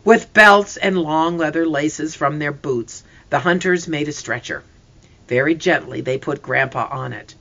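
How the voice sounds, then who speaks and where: Reading a storybook with plenty of expression, the narrator also gives the characters their own voices. It's delivered at a measured pace and medium pitch, in lo-fi audio.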